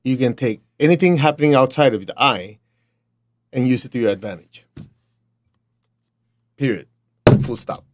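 Middle-aged man, Chinese accent, motivational teacher, blunt and emphatic, mid-pitched voice. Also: normal speed, long pauses. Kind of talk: motivational talk.

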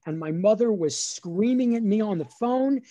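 Animated storytelling man with a New Jersey accent. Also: high-pitched, moderate pace. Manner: animated, acts out family voices. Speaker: lawyer and comedian giving a webinar talk. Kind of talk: storytelling stand-up on a webinar. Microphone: video call.

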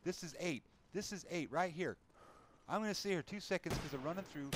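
Speaking a little fast in a voice on the high side, a man commentates his own gameplay, frustrated and swearing as he rants. The game's loud gunfire and clicks sit behind him with slight background noise.

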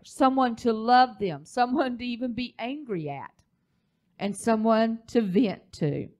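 A woman's voice: a little high, a little mellow. A woman, the pastor's wife, teaching a church leadership class in a preaching style, telling a story with emphasis.

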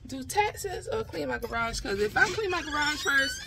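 A woman's voice: high-pitched, sing-song, moderate pace, gravelly, noisy background. A woman chatting in a casual vlog at home, telling stories in a blunt, profane way with speech. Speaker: vlogger. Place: home, partly out on the porch.

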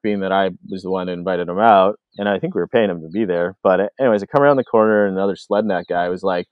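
A Canadian filmmaker telling stories in a casual interview, acting out other people's lines, with lots of fillers. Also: male voice, on the low side, fast talker, hardly any pauses, smooth, no room sound, highs cut off. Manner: animated, acts out quoted voices, many fillers. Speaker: filmmaker guest. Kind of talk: casual storytelling.

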